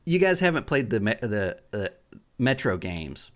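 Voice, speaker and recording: A man's voice: lowish voice, very animated, a bit bright. A middle-aged man hosting a casual gaming podcast, telling rambling stories with swearing and lots of restarts. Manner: rambling, profane storyteller; halting restarts and fillers. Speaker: podcast host.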